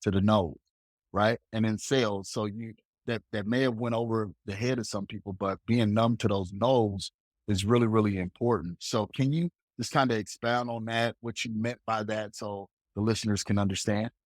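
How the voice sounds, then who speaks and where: A man with a lowish voice hosts a podcast and puts questions to his guest in an easy, conversational tone. His voice sounds dry and close to the mic. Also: steady tone, normal speed, dry recording. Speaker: podcast host. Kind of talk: casual interview chat.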